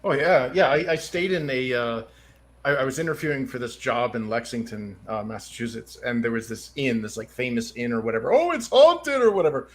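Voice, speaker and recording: A man's voice: mid-range voice, brisk. A man chatting casually and joking, telling stories. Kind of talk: casual chat.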